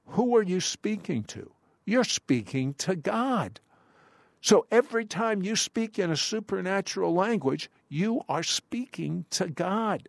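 A man with a fairly high voice preaches a sermon, quoting scripture in slow, emphatic phrases and telling stories from his own ministry. The sound is dry and close, with almost no room around it. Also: gravelly, no room sound. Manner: storytelling, quotes scripture with emphatic pauses.

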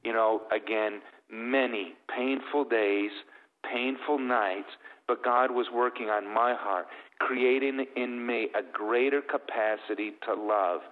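A man's voice: mid-range voice, steady tone, slow pace. A middle-aged man, a guest, telling an emotional faith story in an earnest, tender way. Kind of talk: emotional testimony. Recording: tinny, phone-like sound with long reverb.

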